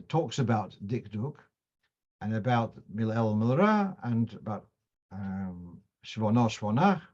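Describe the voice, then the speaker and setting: A man's voice: mid-range voice, darkish tone, dull audio. A man teaching a class on Jewish law, explaining patiently with examples and mixing Hebrew and Yiddish terms into his English. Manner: explanatory, digressive, uses examples.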